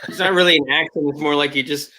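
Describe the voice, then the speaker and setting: Florida guy on a stream, bright slightly high voice, rambles and jokes. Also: fairly even intonation, fast. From grew up in Florida, now in Michigan. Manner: rambling, joking storyteller. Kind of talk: casual live stream chat.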